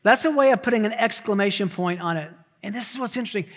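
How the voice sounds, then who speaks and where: A male pastor preaching a sermon, swinging from loud repeated shouts to hushed near-whispers. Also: sits high, quick pace, hardly any pauses, in a large hall.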